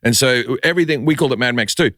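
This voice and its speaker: A man's voice: medium pitch, pushed and bright, no echo, clean studio sound. Australian man telling loose stories. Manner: loose, swearing, does quick voices in anecdotes. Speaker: comedian guest. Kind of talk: casual podcast storytelling.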